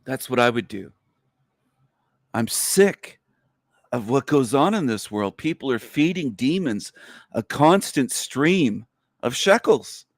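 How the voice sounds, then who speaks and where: A man hosting a livestream, delivering an angry, profane, repetitive rant whose pitch climbs sharply as he gets worked up. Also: big pitch swings, takes it slowly, pauses often, no room sound, clean studio sound. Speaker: livestream host. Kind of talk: ranting livestream monologue.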